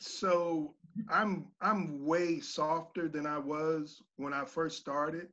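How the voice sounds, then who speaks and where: A man's voice: a little high, slow, muffled recording. A man, a former teacher, telling stories in a casual panel talk and acting out the voices he quotes. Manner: animated storyteller, acts out quoted voices loudly.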